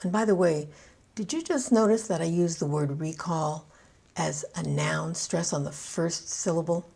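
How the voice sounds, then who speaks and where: Low gravelly Canadian woman teaching. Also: warm tone. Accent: Canadian English. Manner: slow, deliberate, repeats words to model their stress; light laughs between points. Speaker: pronunciation coach. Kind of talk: scripted teaching monologue.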